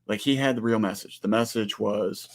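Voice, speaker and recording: A man in his forties with a fairly low voice, hosting a relaxed livestream chat. He speaks earnestly, greets viewers one by one and teases his co-host now and then. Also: moderate pace. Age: 40s.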